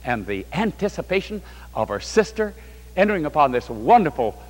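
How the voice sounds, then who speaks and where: A man with a fairly high, sing-song voice speaks at normal speed, preaching to a large congregation in a big hall. He hails from New York State, and his sermon is fervent, swelling and falling.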